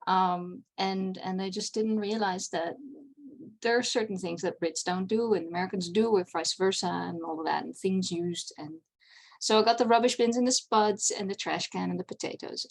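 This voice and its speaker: At a convention panel on writing, a non-native English-speaking woman talks chattily, often using fillers and starting over. She has a lowish, gravelly voice.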